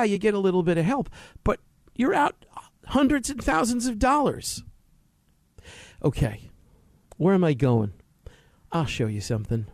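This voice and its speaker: A man's voice: a little high, darkish tone, no room sound, studio quality. Blunt, emphatic male talk show host. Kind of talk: direct-address talk show monologue.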